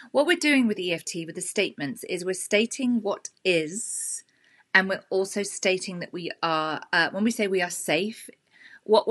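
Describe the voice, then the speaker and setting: A woman hosting a sobriety support session, calmly guiding listeners through breathing and tapping with slow, gentle instructions. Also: lowish voice. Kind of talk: live guided tapping session.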